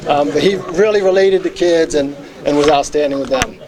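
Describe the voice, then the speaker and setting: A crowd can be heard behind a middle-aged man as he earnestly accepts his hall of fame induction, recalling his past as a teacher and football coach with many fillers. His voice runs on the high side at a moderate pace.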